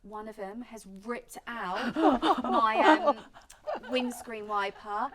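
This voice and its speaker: A woman's voice: fairly high pitch, fairly even intonation, slow, a crowd in the background. Chatty young woman telling a story. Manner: chatty, lots of "like" and reported speech. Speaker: guest, make-up artist. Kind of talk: casual chat, storytelling.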